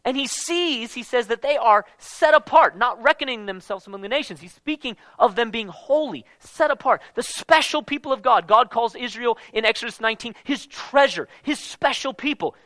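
A man preaching a casual Bible-teaching sermon in an animated, conversational way, with slang mixed in. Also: very high-pitched, normal speed, hardly any pauses, no echo.

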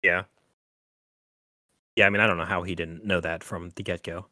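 A man's voice: deep voice, steady tone, moderate pace, sharp tone, dry recording. A man hosting a podcast, recapping a horror film in casual chat, full of "like" and "um". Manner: rambling, filler-heavy with frequent "like" and "um". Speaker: podcast host.

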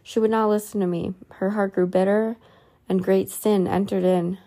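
A woman reading a religious book aloud in an earnest tone, adding soft asides of her own. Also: medium pitch, steady tone, normal speed.

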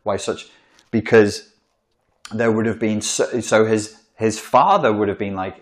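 A man's voice: on the low side, fairly even intonation, unhurried. A man giving an informal psychology lecture, blunt and profane, in a room where he writes on a board. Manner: blunt and profane, acts out quoted voices.

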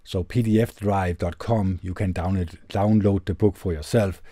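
A man with a Danish accent calmly reading a self-help book aloud on his channel, in a measured way. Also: sits low, no room sound, studio quality. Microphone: tube studio microphone.

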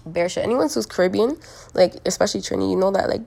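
A young woman rambling through a casual monologue. She is blunt and profane, leans on lots of likes and you-knows, and her voice is hoarse from smoking. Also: medium pitch, animated, fast, mellow, a little hiss or hum. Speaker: solo monologue recorder.

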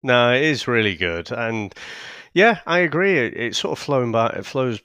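A man's voice: medium pitch, big pitch swings, normal speed, fairly bright tone, no room sound. A man co-hosting a podcast, swearing, laughing often and restarting his sentences as he chats casually about a film. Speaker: podcast co-host reviewing films. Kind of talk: casual film review chat.

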